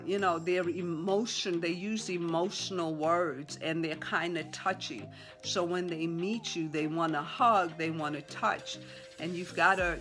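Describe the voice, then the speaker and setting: A woman teaching a sales training session to a group, talking fast with lots of fillers and acting out conversations with sellers. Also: lowish voice, fairly bright tone. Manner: talks fast, role-plays seller dialogue, many fillers. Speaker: real estate sales trainer. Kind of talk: live training talk to a room.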